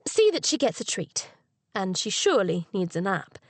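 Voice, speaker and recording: A woman's voice: mid-range voice, sing-song, moderate pace, creaky, dry recording. A woman voicing a spirited young Victorian lady mystery author with refined, polite diction.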